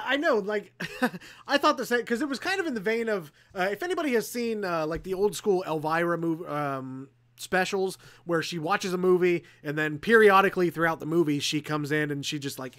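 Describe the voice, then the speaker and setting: A man's voice: high-pitched, a little fast, a bit bright. A man co-hosting a casual livestream chat, rambling and laughing through profane movie banter. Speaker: podcast co-host.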